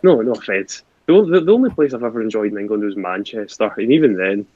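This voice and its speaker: A man's voice: on the low side, lively intonation, quick pace, darkish tone, dry recording. A Scottish man chats from a hotel room through wireless earbuds, so his voice sounds muffled and lo-fi. He swears freely and trips over his words, repeating himself before he lands the point. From Scotland. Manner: swears a lot, stammering restarts. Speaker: guest. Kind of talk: casual chat. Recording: dull lo-fi earbud mic.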